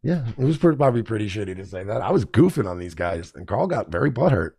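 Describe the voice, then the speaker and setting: A man's voice: lowish voice, very animated, fast talker, warm tone, breathy edge, no room sound, studio quality. A man hosting a podcast, ranting casually and indignantly with plenty of profanity. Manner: profane, indignant, mocks others in put-on voices. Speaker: podcast host. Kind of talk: casual rant to camera.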